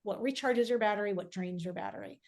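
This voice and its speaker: A woman's voice: mid-range voice, fast talker, darkish tone. A middle-aged woman speaking candidly as a podcast guest, reflective and often restarting her sentences. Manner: reflective, talks in restarts and fillers. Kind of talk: candid conversational interview.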